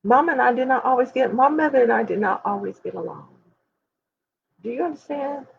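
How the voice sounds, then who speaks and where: A woman's voice: sits high, a little fast, vocal fry, slightly rough, lo-fi sound. A woman of forty talking candidly and emphatically to her viewers, speaking straight to them like a preacher. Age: 40s. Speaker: host. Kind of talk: candid personal talk to viewers.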